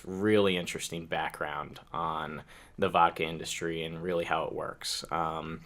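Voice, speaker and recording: A man's voice: low-pitched, a bit bright. A man, a company co-founder, answering interview questions casually and unhurriedly, with many fillers.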